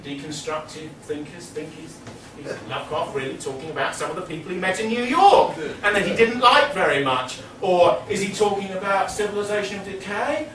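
A man's voice: high-pitched, fairly bright tone, distant mic, a little hiss or hum. A man giving a rambling, amused talk about a story, with plenty of hesitations, recorded away from the mic in an echoey room. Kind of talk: casual lecture talk.

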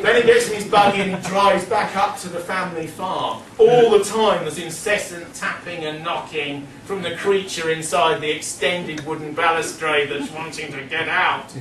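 A man with a slightly high voice talks through literature in a rambling, animated way. He is picked up from a distance in a roomy space, with a faint ambient hum underneath. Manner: rambling, animated, laughing asides. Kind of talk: casual lecture-style literary talk.

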